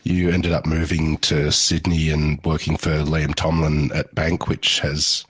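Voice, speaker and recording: A man hosting a food podcast, asking measured interview questions. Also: rumbling low, flat delivery, a bit bright, slightly rough, dry recording. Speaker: podcast host.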